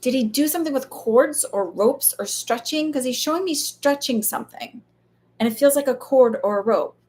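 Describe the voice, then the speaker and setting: A woman's voice: high-pitched, moderate pace, darkish tone. A woman talks her way through a live psychic reading in a chatty, casual manner. She fills her speech with "like" and "um" and lets the odd swear slip in. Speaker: psychic medium.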